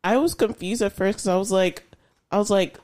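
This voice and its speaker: A woman's voice: mid-range voice, brisk, darkish tone. A woman co-hosting a casual podcast chat, playful and chatty. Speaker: podcast co-host.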